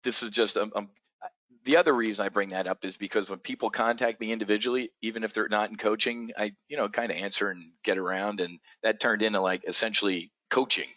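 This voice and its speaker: A trading coach with a fairly low voice and a bright, forceful tone riffs unscripted on a live stream, talking fast. He's blunt, excitable and freely profane, stumbling over his words with repeated restarts. The audio is dry and a little dull, with no echo.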